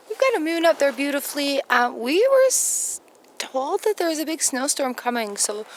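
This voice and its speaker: A woman's voice: sits high, slight background noise. A woman hosting her channel, filming outdoors at night and gushing in awe, at times dropping to a whisper. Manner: gushing, awestruck, drops to whispers. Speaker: tarot channel host. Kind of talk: excited outdoor vlog.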